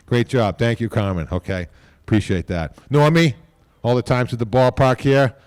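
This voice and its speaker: A man speaking at a podium microphone during an induction ceremony, rambling informally, repeating himself and tagging lines with a quick "okay?". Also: mid-range voice, a little mellow, smooth, dry recording, studio quality. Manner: repeats words and restarts often. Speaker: team executive giving induction speech.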